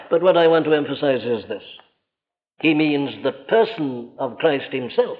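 A man's voice: a little high, animated, moderate pace. A man preaching a sermon in an emphatic, rhetorical way, his voice rising and dropping sharply for stress, heard on a dull lo-fi recording in a church or large hall. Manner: emphatic and rhetorical, with sudden rises and drops.

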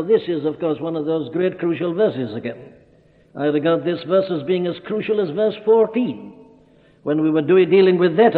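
A man delivers an expository sermon, pressing his points with rhetorical questions. His voice sits fairly high and swings widely in pitch. The recording is thin and phone-like, with a long reverb trailing through a large hall. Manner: emphatic, reasoning aloud with rhetorical questions. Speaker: preacher.

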